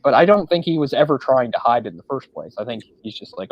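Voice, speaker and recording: A man's voice: medium pitch, lively intonation, quick pace. Chatty man on a dull, lo-fi recording. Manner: rambling, filler-heavy. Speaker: podcast co-host. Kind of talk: casual film discussion.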